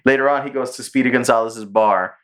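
A man co-hosting a podcast in casual chat, telling stories with high-pitched character voices. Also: a little fast, slight background noise. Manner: animated storyteller, jumps into high voices for cartoon characters. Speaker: podcast co-host.

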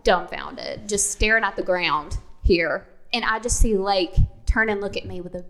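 A woman candidly telling an animated personal story in a casual chat. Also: mid-range voice, moderate pace.

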